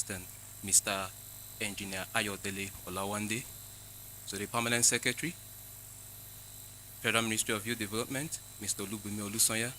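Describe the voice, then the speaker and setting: A Nigerian man with a bright, forceful tone and a lowish voice delivers a formal welcome address. He works through a long list of protocol greetings like an official. Faint noise sits under him. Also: rough recording. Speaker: government representative.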